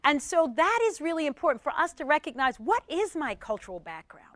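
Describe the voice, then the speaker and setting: A middle-aged woman talks to an audience in a high, bright voice. She is animated and punchy, and she tells stories while playing with the crowd. The sound is dry and close. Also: a little fast, no echo. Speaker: speaker addressing an audience. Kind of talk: conversational talk with storytelling.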